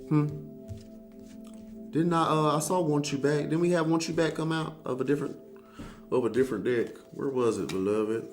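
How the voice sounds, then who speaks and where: A man gives a casual tarot reading at an everyday mid-range pitch, talking straight to the viewer. He is sassy and blunt and swears freely. Faint music plays underneath. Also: lively intonation, measured pace, long pauses, a little mellow. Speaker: tarot reader.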